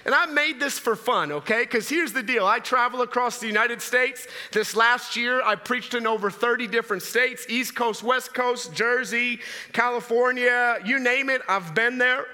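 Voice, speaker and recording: A man from Minnesota, a traveling preacher, doing an energetic comedic bit and calling out to a live crowd. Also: very high-pitched, moderate pace. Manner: energetic, hyped-up, calls out to the crowd. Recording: long hall reverb.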